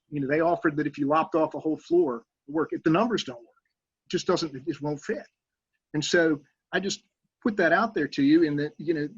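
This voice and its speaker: Man, middle-aged, husky, earnest and persuasive, muffled dry room audio. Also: a little high, no room sound. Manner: earnest, persuasive, conversational with fillers. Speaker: public speaker at town council meeting. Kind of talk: public comment speech. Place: council meeting room.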